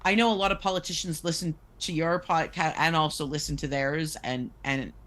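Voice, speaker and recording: A woman from Canada, a guest on a casual podcast, speaking passionately and emphatically, quick to get exasperated. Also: low voice, fairly even intonation, a bit bright.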